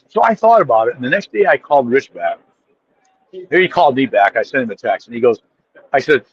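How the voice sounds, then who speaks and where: Animated man telling stories as a guest. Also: fairly high pitch, brisk, muffled recording. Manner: animated storyteller acting out quotes, frequent restarts. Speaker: podcast guest, author. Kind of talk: casual chat.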